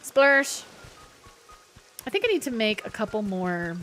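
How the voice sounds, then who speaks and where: A woman's voice: medium pitch, big pitch swings, fast talker, soft background music. A young adult woman chatting casually while streaming a game, playful and talkative as she reads chat aloud. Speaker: livestreamer.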